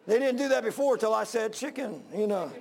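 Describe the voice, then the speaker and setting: A man preaching with a gravelly, creaky voice set a bit high. He talks in a folksy, rambling way, stopping and restarting often. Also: expressive, brisk, darkish tone. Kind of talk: sermon.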